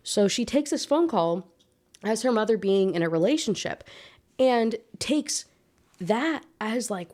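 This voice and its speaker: A woman's voice: fairly high pitch, expressive, a little slow, darkish tone. A woman and book reviewer giving a casual, chatty and sarcastic recap of a novel, full of filler words.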